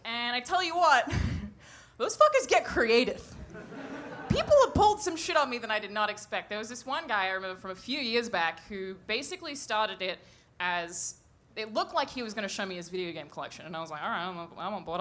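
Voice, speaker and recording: On a comedy stage before a live crowd, a woman with a fairly high, fairly bright voice works a handheld mic, her pitch swinging widely and her pace a little fast. Her set is brash and profane, and she cracks up at her own jokes.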